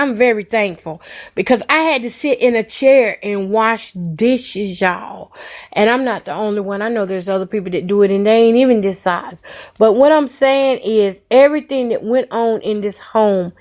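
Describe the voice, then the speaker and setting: A woman tells her own story on a podcast. Her voice sits a little high, and she speaks candidly and with plain emotion. She talks straight to her listeners as if they were friends. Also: moderate pace. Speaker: podcast host.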